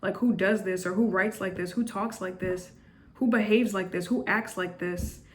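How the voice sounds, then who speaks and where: A woman reading tarot cards in a loose, rambling way, circling back on her words and sprinkling in fillers. She turns blunt and judgmental about the people in the cards. A faint hiss sits under her mid-pitched voice. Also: fairly even intonation, moderate pace. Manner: chatty, repetitive, with frequent restarts and "like". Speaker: tarot reader. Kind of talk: casual tarot reading to camera.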